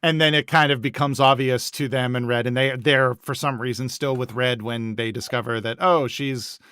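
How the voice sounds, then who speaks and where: A man in casual creative brainstorming chat, thinking aloud and acting out quick character lines. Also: mid-range voice, fairly even intonation, bright, forceful tone, smooth, no echo, studio quality. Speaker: co-host.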